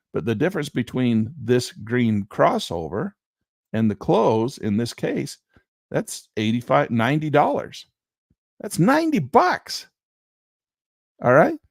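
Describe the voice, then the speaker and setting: A man's voice: mid-range voice, gravelly, dry recording, studio quality. A man teaching chart trading on a screen share, talking emphatically with rhetorical asides. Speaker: trading instructor.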